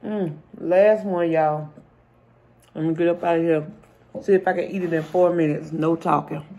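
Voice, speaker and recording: A woman's voice: sits low, normal speed. Sleepy woman vlogger telling jokes. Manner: animated storyteller, laughs often. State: half asleep. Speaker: mukbang vlogger and comedian. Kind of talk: joke-telling while eating.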